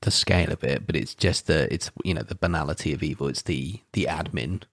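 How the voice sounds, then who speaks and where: A man with a deep, husky, gravelly voice, chatting on a podcast. He talks thoughtfully and searches for the right words as he goes. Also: fairly quick. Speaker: podcast co-host. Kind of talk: casual podcast chat.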